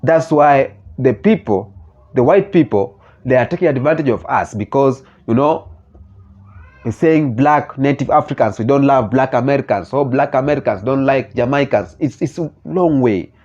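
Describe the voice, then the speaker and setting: A man with a Kenyan accent hosting his own channel, talking earnestly in halting phrases and often restarting mid-sentence as he reacts to comments. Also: mid-range voice, a little mellow. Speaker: channel host. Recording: slightly muffled lo-fi recording.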